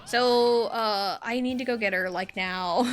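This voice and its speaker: A young adult woman streaming a party game live, swearing freely and swinging from frustrated yelling to low muttering. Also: slow pace. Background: game music.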